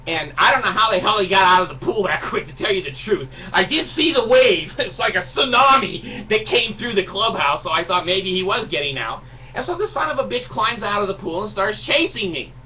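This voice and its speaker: A middle-aged man ranting indignantly to camera, mocking and chuckling at his own jokes. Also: high voice. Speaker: video blogger. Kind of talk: ranting monologue. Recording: distant mic, dull lo-fi sound, faint noise.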